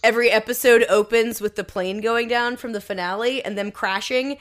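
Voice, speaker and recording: A woman co-hosting a podcast, laying out an idea in relaxed, storytelling casual chat. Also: fairly high pitch, fairly quick. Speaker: podcast co-host.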